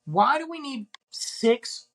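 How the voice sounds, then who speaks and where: A man's voice: very high voice, big pitch swings, slow pace, fairly bright tone. A man hosting a podcast, ranting in an exasperated, casual way and firing off rhetorical questions. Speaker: podcast host.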